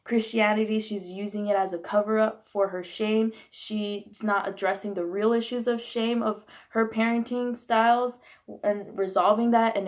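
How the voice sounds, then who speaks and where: A young woman in her twenties venting bluntly and heatedly about her upbringing, swearing freely in a candid vlog. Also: medium pitch. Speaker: vlogger. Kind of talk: candid personal rant.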